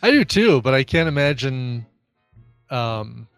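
A man's voice: mid-range voice, big pitch swings, fairly bright tone, no echo, soft background music. A man co-hosting a casual morning show, trading jokes and quips with his partner. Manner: jokey, quick to put on silly voices. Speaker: podcast co-host. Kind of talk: casual chat.

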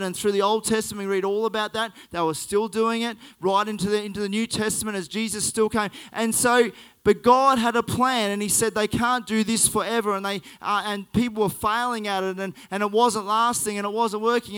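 A man's voice: high-pitched, a bit bright, smooth. A man preaching a sermon, telling a story and then making earnest, emphatic points.

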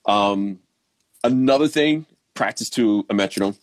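A man's voice: on the low side, measured pace, no echo. A man from Baltimore, a drummer guest in a casual interview, talking in a laid-back, easygoing way with lots of ums. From Baltimore, Maryland. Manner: laid-back, relaxed, many ums and restarts.

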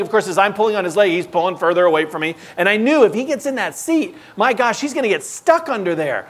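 High-voiced man preaching animated stories. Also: fast talker, few pauses. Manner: animated storytelling, acting out scenes. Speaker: pastor. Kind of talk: sermon.

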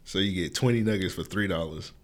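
A man's voice: low-pitched, quick pace, a little hiss or hum. A man co-hosting a podcast in casual chat, joking around and laughing often. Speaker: podcast co-host.

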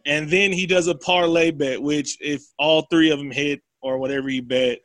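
Male co-host, slightly high and bright, dry close sound, rambling profane storyteller. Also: moderate pace, no echo. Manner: animated, profane storytelling with acted quotes. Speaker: podcast co-host. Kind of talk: casual chat, retelling a film plot.

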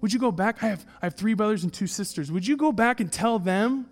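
A man's voice: high-pitched, lively intonation, slow. A man reading as a regretful soul in heaven. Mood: pleading. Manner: pleading, repetitive. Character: ashamed man pleading, empty-handed in heaven.

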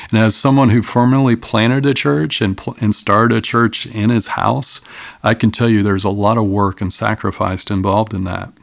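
A middle-aged male pastor delivers an earnest, measured sermon in a low, gravelly voice. The recording is dry and close, with no room sound behind him. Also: no room sound. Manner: earnest, measured preaching with rhetorical questions.

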